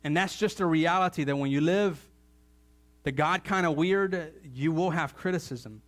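A pastor delivers a sermon to his church in a fairly high male voice. He preaches with animation, slipping in jokes and leaping up in pitch and volume to drive points home. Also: normal speed. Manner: animated preaching with joking asides, jumps to a higher, louder voice for emphasis.

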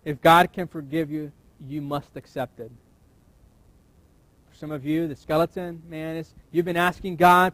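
A man preaching a sermon as a pastor. He reads scripture aloud and then speaks to the congregation in a casual, emphatic way, slowing down to press on key words. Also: on the high side, steady tone, no room sound, poor audio.

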